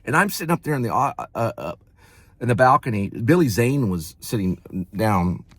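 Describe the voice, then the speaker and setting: A man's voice: medium pitch, very animated, normal speed, husky, no room sound. A man hosting a casual vlog, telling a rambling, digressive story full of fillers and restarts, recorded in a car. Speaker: vlog host.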